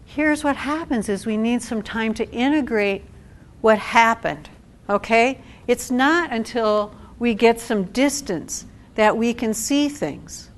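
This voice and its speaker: A woman social worker giving a talk to a support group, animated and acting out quotes with laughs. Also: a little high, takes it slowly.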